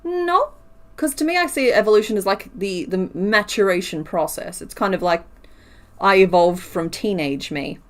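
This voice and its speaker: A woman's voice: medium pitch, expressive, normal speed. A woman streaming while she crochets, talking casually, counting stitches aloud and answering her chat.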